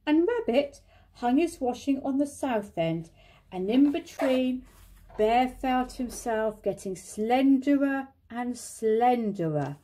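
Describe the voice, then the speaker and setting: Older woman slowly reading a storybook. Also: fairly high pitch, lively intonation, dark tone.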